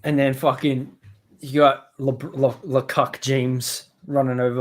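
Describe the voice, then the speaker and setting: A man hosting a live stream, ranting angrily with lots of swearing, swinging from loud outbursts to low muttering. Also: little pitch movement, measured pace. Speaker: show host. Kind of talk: profane live-stream rant.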